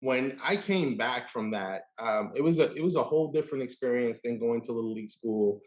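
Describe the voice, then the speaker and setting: A man hosting a casual interview, telling animated stories and acting out the people he quotes. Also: mid-range voice, a little fast, reverberant. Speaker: podcast host.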